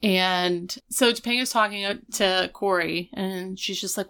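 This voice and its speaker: A young adult woman co-hosting a podcast, retelling an episode in a fast, casual way full of "like" and acted quotes. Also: mid-range voice, fairly bright tone, smooth. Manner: rapid, filler-heavy retelling with acted quotes. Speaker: podcast co-host.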